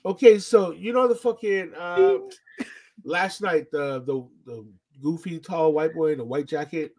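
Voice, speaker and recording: Husky, laid-back man joking around. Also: on the high side, expressive, unhurried, a little mellow. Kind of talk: casual storytelling chat.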